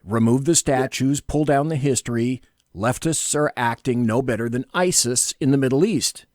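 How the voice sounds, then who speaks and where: A man's voice: medium pitch, moderate pace, a little mellow, no echo, clean studio sound. A man hosting a call-in radio show, bantering and laughing easily with guests and callers. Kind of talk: casual call-in radio talk.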